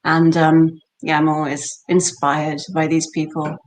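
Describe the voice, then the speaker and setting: A woman's voice: sits low, little pitch movement, a little slow, a little mellow, a little hiss or hum. A British woman, an actress, chatting animatedly in an interview with many fillers and laughs. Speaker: actress, guest. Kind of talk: casual interview chat.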